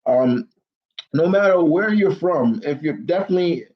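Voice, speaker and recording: Hosting a relaxed live Q&A, a young man answers viewers' questions in an animated, fairly high voice at a moderate pace. He rambles and speaks bluntly with plenty of swearing, and the sound is lo-fi.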